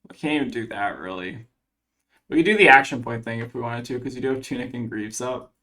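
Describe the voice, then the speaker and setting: Talking a little fast in a pushed, bright, mid-range voice, a man casually comments on his own card game match. He weighs each play aloud, peppering his thoughts with fillers.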